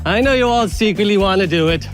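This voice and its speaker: An Irish man presenting science to children, leading an energetic, playful warm-up with jokes and instructions. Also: sits high, quick pace, faint music behind. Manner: upbeat, playful, joking instructions.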